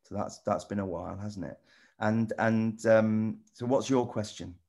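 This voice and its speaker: Halting, rambling middle-aged man, low voice. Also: a little mellow. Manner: rambling, halting, full of restarts and "you know". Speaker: celebrity guest answering children's questions. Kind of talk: casual friendly chat with children.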